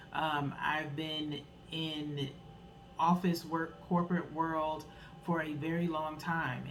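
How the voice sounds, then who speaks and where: A woman with a low-pitched voice gives a casual, earnest tarot reading over a rough recording with slight background noise. She encourages her listeners, often ending phrases with a questioning "okay?", and her delivery is loose and rambling, full of restarts.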